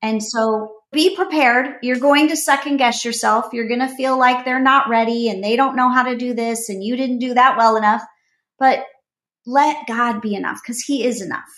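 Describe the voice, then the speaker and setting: A woman's voice: fairly high pitch, normal speed, fairly bright tone. A middle-aged woman, a guest author, telling a heartfelt story in an earnest, faith-based podcast conversation. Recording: roomy echo.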